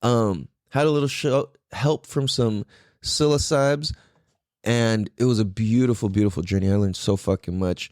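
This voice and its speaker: A man's voice: on the low side, moderate pace, no room sound, studio quality. A man hosting a podcast, talking casually in a rambling way and swearing freely. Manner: animated, profane, rambling. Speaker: podcast host.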